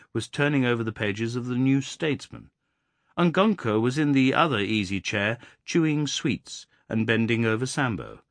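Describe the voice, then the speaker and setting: A man narrating a novel in the first person, in a measured, expressive reading. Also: on the low side, no room sound. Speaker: audiobook narrator.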